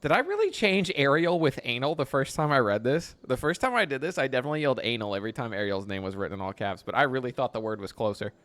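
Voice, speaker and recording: A man's voice: medium pitch, very animated, fast talker, few pauses, fairly bright tone. A young man streaming a game live, chatting with his viewers and reading lines aloud in playful theatrical bursts with crude jokes.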